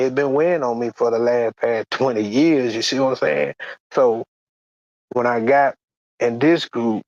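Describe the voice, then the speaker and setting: Plain-spoken man, halting testimony, lo-fi. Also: mid-range voice, no room sound. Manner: halting, plain-spoken, repeats words and restarts. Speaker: guest sharing a church testimony. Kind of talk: personal testimony.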